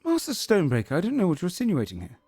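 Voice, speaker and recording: A man voicing a regal, composed lion-folk woman who works as a treasurer, speaking in a calm, measured and politely cutting way. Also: high-pitched, breathy edge, no room sound, faint music behind, voice pushed up, heavily acted. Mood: cool.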